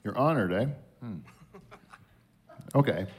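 A man's voice: fairly low pitch, animated, takes it slowly, breathy edge. A man hosting a late-night show, bantering bluntly and swearing freely. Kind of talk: casual on-air banter.

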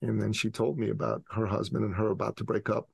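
A man in his forties from the Middle East, a podcast guest and business coach telling an animated, dramatic story. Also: on the low side, fast, vocal fry, husky, no room sound. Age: 40s. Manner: dramatic, acts out scenes with voices.

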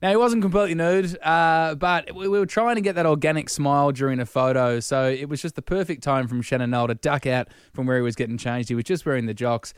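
A man's voice: a little high, steady tone, quick pace, few pauses, smooth. A man co-hosting a radio show, telling stories and taking calls. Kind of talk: breakfast radio banter.

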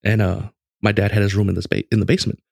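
A man in his late twenties casually telling a story in a lively, conversational way, with lots of restarts. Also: fairly low pitch, fast, creaky, breathy edge, dry recording, clean studio sound. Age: late 20s.

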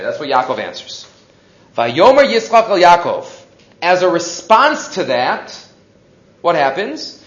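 Animated man teaching a Torah class. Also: a little high, measured pace. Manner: mixes Hebrew and English, asks rhetorical questions. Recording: echoey, dull lo-fi classroom recording.

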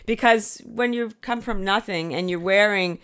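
A woman telling a comic story in casual chat, animated and salty, acting out the lines she quotes. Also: mid-range voice, normal speed, clear, resonant tone. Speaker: guest storyteller.

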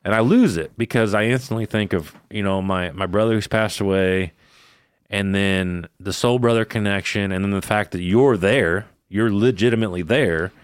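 A man's voice: on the low side, moderate pace, clean tone, no room sound, clean studio sound. A man co-hosting a podcast, telling a personal story in casual chat, candid and swearing freely. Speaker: podcast co-host.

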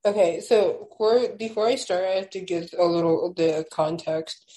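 Young adult woman, low warm tone; casual chat into measured poetry reading. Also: low-quality recording. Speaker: podcast guest, poet.

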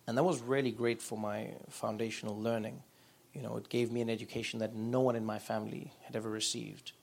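A man, a guest author and comedian telling animated stories in a live on-stage conversation. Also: mid-range voice, brisk, vocal fry, breathy edge. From South Africa. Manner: animated storytelling. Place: live event room.

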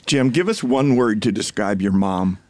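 Un hombre mayor, padre de las presentadoras, que hace preguntas rápidas al invitado con humor seco y burlón. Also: male voice, fairly low pitch, animated, moderate pace, a little mellow, no room sound. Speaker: father of the hosts, former ad creative director. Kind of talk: asking rapid-fire interview questions.

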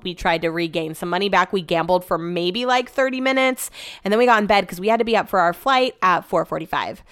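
A young woman recounts a trip in a relaxed, chatty way, swearing freely. Her voice is smooth and clear, and her pitch sits in a middle range. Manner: chatty, profane, animated. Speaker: vlogger. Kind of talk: casual storytelling.

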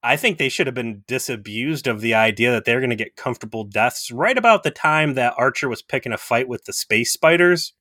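A man's voice: medium pitch, lively intonation, fairly quick, hardly any pauses, pushed and bright, dry recording, studio quality. A man co-hosting a casual podcast, riffing sarcastically with profanity. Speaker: podcast co-host. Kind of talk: casual chat.

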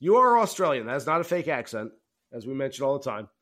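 A man hosting a golf betting podcast, chatting casually and telling stories with animated jokes. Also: mid-range voice, fast talker. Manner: animated, jokey storytelling. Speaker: podcast host.

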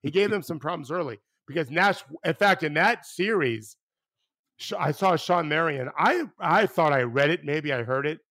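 A former basketball coach in casual podcast conversation, animated and rambling, restarting sentences and swearing casually. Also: male voice, fairly high pitch, normal speed.

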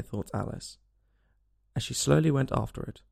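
A man narrating a storybook in an expressive, animated way. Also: medium pitch, normal speed, vocal fry, husky. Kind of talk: storybook reading.

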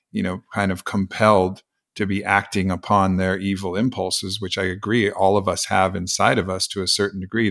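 Deep-voiced man, flat delivery, rambling thoughtful podcast host. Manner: thoughtful, rambling, many fillers. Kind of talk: philosophical podcast conversation.

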